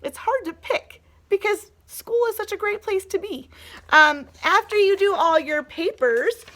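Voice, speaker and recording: Brief: woman teacher, high bright voice, gentle and encouraging with young kids. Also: animated, unhurried. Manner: gentle, encouraging, sing-song teacher talk. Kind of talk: remote lesson for young children.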